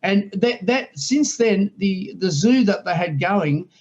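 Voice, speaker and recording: A man's voice: sits high, expressive, takes it slowly, a little mellow, highs cut off. A man in his late sixties with an Australian accent, a guest telling rambling stories in casual interview chat. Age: 60s. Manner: rambling storyteller, many restarts.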